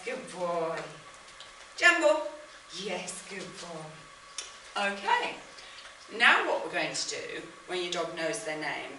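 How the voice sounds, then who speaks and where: A woman dog trainer calmly explaining how to teach a dog to come when called. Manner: calm explaining, breaking into high excited praise for the dog. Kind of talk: instructional demonstration. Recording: echoey, distant mic with background noise.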